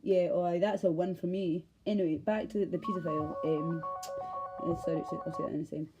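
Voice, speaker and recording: A woman's voice: lowish voice, steady tone, a little fast, highs cut off, over music. A woman with a Glaswegian accent, talking to camera in a passionate, profane, rambling monologue. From Scotland. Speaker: vlogger. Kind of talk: ranting monologue.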